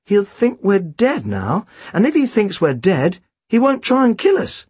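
A man voicing a jokey, squeamish teenage boy in a storybook, making wry deadpan jokes. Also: high voice, measured pace, breathy edge, no room sound, pitched above the performer's own voice, full character voice. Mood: musing.

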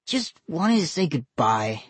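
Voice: mid-range voice, sing-song, takes it slowly, breathy edge, dry recording, pitched above the performer's own voice, exaggerated voice. A reader voicing a rude, complaining young boy in an audiobook. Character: rough, grabby boy cousin. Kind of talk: audiobook character voice.

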